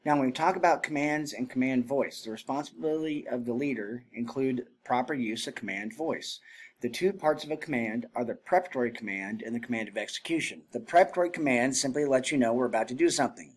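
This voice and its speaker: A man giving a spoken lesson on military drill, explaining plainly and breaking into loud shouted commands and counts when he demonstrates. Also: mid-range voice, quick pace. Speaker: drill instructor.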